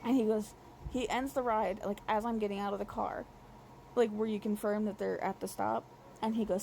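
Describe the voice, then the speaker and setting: Gravelly-voiced young woman ranting. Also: medium pitch, fairly even intonation, normal speed, a little mellow, slight background noise, low-quality recording. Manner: profane, exasperated, run-on storytelling. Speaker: vlogger telling a rideshare story. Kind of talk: casual storytime rant.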